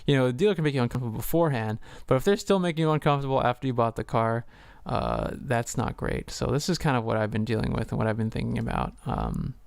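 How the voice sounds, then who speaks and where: This man's mid-range voice is gravelly and fast, swinging widely in pitch with few pauses, and the studio sound is clean with no echo. He's chatting casually on a stream from home, using plenty of fillers and some swearing, performing both sides of a conversation over the clatter of his keyboard.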